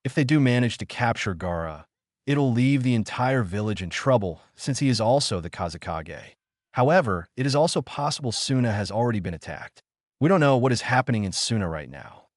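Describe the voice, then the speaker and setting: A man voicing a tired middle-aged village leader who briefs calmly and gravely, in a storybook reading. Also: medium pitch, a little fast, no room sound.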